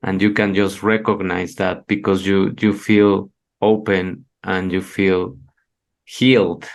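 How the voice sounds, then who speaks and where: Slow, deep-voiced male host. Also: little pitch movement, gravelly. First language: Spanish. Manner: thoughtful, searching for words. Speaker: podcast host. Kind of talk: casual conversation.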